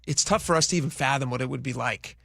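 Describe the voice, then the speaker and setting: A man's voice: medium pitch, fast talker, gravelly, pushed and bright, dry recording, studio quality. A man co-hosting a radio talk show, chatting casually and rambling through restarted thoughts. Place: radio studio. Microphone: studio microphone.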